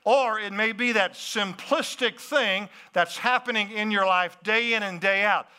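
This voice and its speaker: Pastor, lively preaching with asides to the crowd, bright voice. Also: male voice, high voice, unhurried, clean tone. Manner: animated, talks to the crowd with questions and asides. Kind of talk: sermon.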